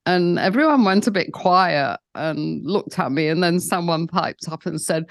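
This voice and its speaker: A woman's voice: fairly low pitch, measured pace, vocal fry, hardly any pauses, no echo, studio quality. A British woman in her sixties telling her own story in an interview, candid and wry, with frequent "you know" fillers. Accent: British English. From Britain. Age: 60s. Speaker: guest.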